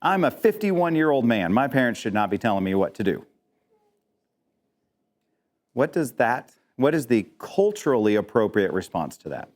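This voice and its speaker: Man, Bible class teacher, conversational, asks the class questions, joking asides, mid pitch. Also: very animated, brisk, darkish tone. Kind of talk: interactive Bible lesson.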